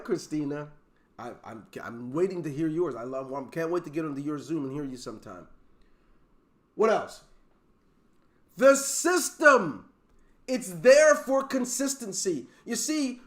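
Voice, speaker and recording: Brief: high-pitched male team leader, emphatic motivational speaker on a video call, fires off rhetorical questions. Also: a bit bright. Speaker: network marketing team leader.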